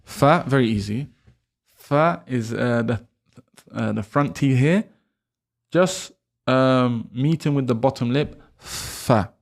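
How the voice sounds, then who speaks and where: A man with a gravelly, creaky, mid-range voice works through Arabic letters in a loose, casual lesson as a teacher. He repeats throat sounds slowly and with exaggerated emphasis, stops to correct himself, chats along the way, and laughs at himself.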